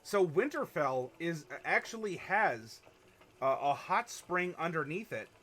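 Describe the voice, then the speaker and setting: A man's voice: on the high side, sing-song, measured pace, bright, forceful tone. A man from Ohio hosting a live-stream worldbuilding workshop, chatting casually, reading chat messages aloud and laughing often.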